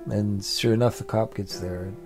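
A man's voice: on the low side, steady tone, normal speed, a little mellow, soft background music. A man telling a family story aloud in a plain, repetitive storytelling way. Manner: repetitive, building phrases. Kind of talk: oral storytelling.

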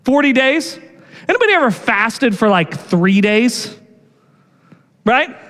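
A man's voice: very high-pitched, very animated, slow, a bit bright, big-room sound. A male pastor giving a sermon in a casual, conversational way, often checking in with "right?" and stumbling over repeated words.

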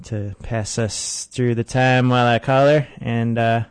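A man's voice: mid-range voice, steady tone, a little slow, clean tone, no room sound. A man hosting a casual radio show, rambling and poking fun at himself. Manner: rambling, self-deprecating. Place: radio studio.

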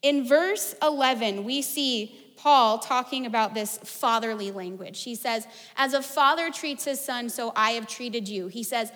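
A woman in her thirties delivers a sermon with a high, bright pitch. She talks in an animated, conversational way, full of stories and casual asides. Her voice rings out with a long hall reverb behind it. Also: measured pace, hardly any pauses. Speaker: preacher.

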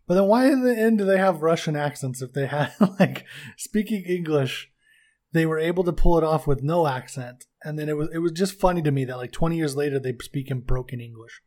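An enthusiastic man co-hosting a casual chat, rambling and laughing at his own points. His voice sits a little high. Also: fairly quick, a little mellow. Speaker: podcast co-host.

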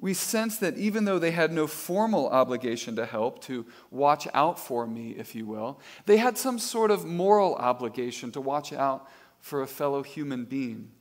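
A man's voice: medium pitch, expressive, normal speed. A middle-aged man preaching a sermon as pastor, telling stories with self-deprecating humor.

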